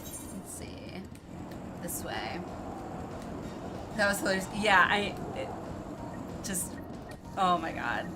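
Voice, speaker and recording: A woman's voice: lowish voice, expressive, slow pace, long pauses, very noisy. A young woman streamer chatting casually over her gameplay, giggly and rambling with lots of fillers. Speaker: game streamer. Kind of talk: casual let's-play commentary.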